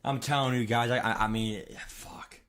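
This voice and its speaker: A man's voice: mid-range voice, steady tone, normal speed, a bit bright. A young man ranting casually on a live stream, rambling and heated, swearing often and talking straight to his chat. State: hungry and weak.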